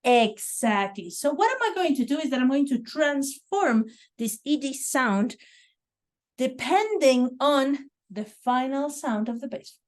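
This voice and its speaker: A woman's voice: high-pitched, animated, unhurried. A woman teaching English pronunciation in a classroom lesson, drilling single sounds and praising her students as she goes.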